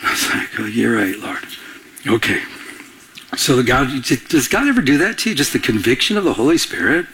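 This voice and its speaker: A male preacher telling a story in a sermon, acting out both sides of the dialogue in an animated way. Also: mid-range voice, brisk, husky.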